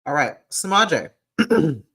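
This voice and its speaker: Very animated yet unhurried, a mid-range, fairly bright, husky voice with no echo offers casual astrology and tarot readings on a live stream. Speaking close to a desk microphone, this person stays chatty and playful, often laughing.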